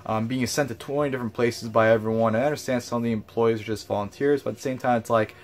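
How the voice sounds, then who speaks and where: A man's voice: medium pitch, fairly even intonation, fast. A young man vlogger telling a story in a casual recap vlog, frustrated and heavy on swearing and fillers.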